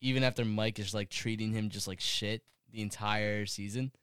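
A man's voice: lowish voice, fairly even intonation, normal speed, a bit bright, clear, resonant tone, no room sound. A man co-hosting a casual podcast chat, talking hesitantly with lots of fillers.

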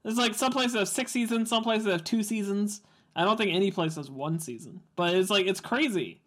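A man's voice: sits high, normal speed, fairly bright tone. A man from the American Midwest co-hosting a podcast, chatty and explaining things in casual talk. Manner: chatty, explains and corrects, laughs. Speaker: podcast co-host. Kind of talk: casual chat.

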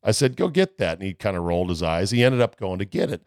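A man's voice: low voice, fast, a little mellow, no room sound, studio quality. A man hosting a golf radio show, telling easygoing stories in casual chat.

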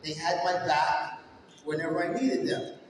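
Motivational keynote speaker, man from New York, high voice, energetic storyteller, recorded far off in a long-reverb hall. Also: measured pace. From New York, USA. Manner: energetic storytelling, direct address to the audience. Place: large hall with stage. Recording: echoey hall, far from mic, faint noise.

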